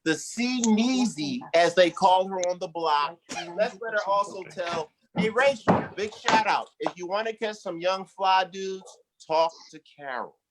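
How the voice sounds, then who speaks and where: A woman's voice: medium pitch, unhurried. Woman host hyping the next comic, playful intro, a bit of background hiss. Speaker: emcee. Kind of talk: hyping up a live comedy stream.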